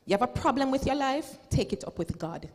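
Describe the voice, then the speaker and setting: A Jamaican woman in her forties delivers a fiery keynote to teachers, her voice set high and carrying. She preaches with drama and slides between standard English and Patois. The sound rings out with the long reverb of a big hall. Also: expressive, a little fast. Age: 40s. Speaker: school principal and keynote speaker. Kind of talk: motivational keynote speech.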